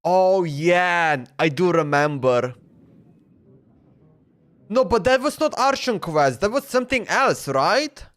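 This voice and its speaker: A male streamer muses slowly over a game, puzzled and questioning as he thinks aloud. His voice sits fairly high and rises and falls a lot, with faint music running behind him. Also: lively intonation, a bit bright. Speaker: livestreamer. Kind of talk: casual game stream commentary.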